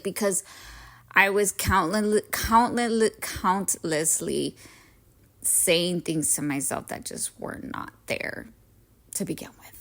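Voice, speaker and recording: A woman in her thirties talks alone into her podcast mic, slow and deliberate with a somewhat low voice. She is earnest and openly emotional, sharing lessons and cheering her listeners on. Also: pushed and bright. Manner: emotional, earnest, self-help encouragement. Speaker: podcast host. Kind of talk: reflective solo podcast talk.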